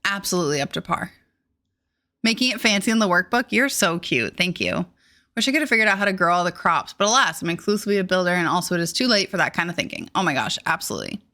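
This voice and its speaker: Bubbly bright-voiced young woman streamer. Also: fairly low pitch, animated, fast. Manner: bubbly, gushing, reads chat aloud. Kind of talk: casual live-stream chat.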